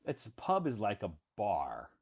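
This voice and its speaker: An American man hosting a casual English-learning chat, repeating words clearly for a learner and laughing often. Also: on the low side, wildly swooping pitch, unhurried. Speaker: English teacher host. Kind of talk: casual conversational interview. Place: lives in Beijing.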